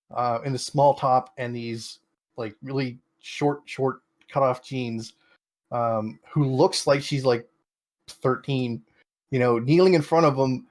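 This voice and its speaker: This young man chats casually as a podcast co-host, walking through a show's plot with lots of "um"s and quick acted-out lines. His voice sits in an ordinary middle pitch. His delivery is loose and rambling. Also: a little mellow. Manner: rambling plot recap with many fillers and quoted asides. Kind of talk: casual chat recapping an anime episode.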